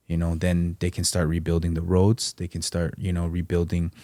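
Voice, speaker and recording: A man telling his life story as a podcast guest, conversational and animated, acting out quoted dialogue with lots of "you know". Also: sits low, normal speed, no echo. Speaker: guest sharing his testimony.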